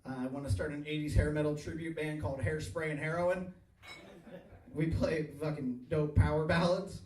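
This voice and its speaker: A high-pitched man in his thirties rambles through a crude stand-up routine and keeps chuckling at his own punchlines. His voice rings around an echoey bar and sounds picked up from a distance. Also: steady tone, moderate pace, darkish tone. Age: 30s. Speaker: stand-up comedian. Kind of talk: stand-up comedy set. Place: bar stage, live audience. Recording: echoey bar recorded from afar.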